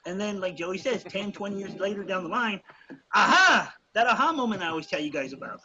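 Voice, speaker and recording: A man's voice: high-pitched, expressive, a little fast, bright, forceful tone, lo-fi sound. A man with an American accent, a wrestling coach giving laid-back advice to students. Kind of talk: casual talk to students.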